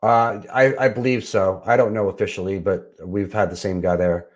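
An easygoing man with a fairly low voice talks through his gigs in a relaxed podcast conversation. He speaks haltingly, restarting phrases and filling pauses as he thinks. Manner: hesitant, many fillers and restarts, easygoing. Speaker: podcast co-host. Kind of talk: casual chat.

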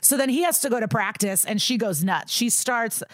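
In a dry, studio-quality recording, a woman with a slightly high voice and lively intonation co-hosts a podcast at normal speed. She recounts a true-crime case in a casual, profane style, laughing along and voicing the people she quotes.

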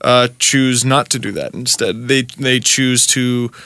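A man's voice: medium pitch, steady tone, a little slow, pushed and bright, clean tone, dry recording, clean studio sound. A man hosting a podcast in casual chat, speaking earnestly and restarting his sentences often. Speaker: podcast host.

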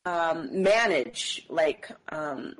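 Female radio host, unhurried and very animated, playful. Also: low voice, rough recording. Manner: playful, laughs often. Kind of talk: casual interview.

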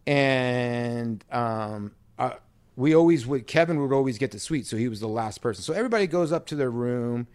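Guy on a podcast telling a crazy story, swears a lot, mid-pitched, dry close mic. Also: moderate pace, dry recording. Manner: animated, profane anecdote-telling with quoted voices. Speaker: podcast co-host, former pro ballplayer. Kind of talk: casual storytelling chat.

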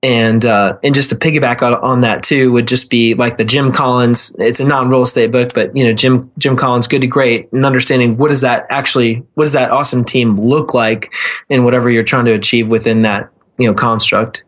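A man's voice: medium pitch, fairly even intonation, brisk, a bit bright. Earnest man answering in an interview. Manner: earnest, with frequent restarts and fillers. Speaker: podcast guest, real estate investor.

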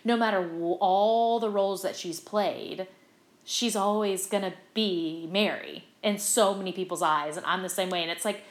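A middle-aged woman talks through backstage stories in an easygoing interview, bubbly and animated with lots of little fillers. Her voice sits at an ordinary pitch for a woman, and the room around her rings with echo. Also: moderate pace. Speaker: guest, stage actress. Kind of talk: casual interview chat.

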